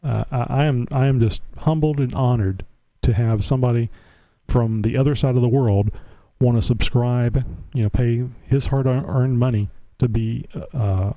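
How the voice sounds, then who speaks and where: A man's voice: mid-range voice, mellow, no room sound. Rambling casual male show host. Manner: rambling, repeats and restarts words. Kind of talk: casual livestream chat.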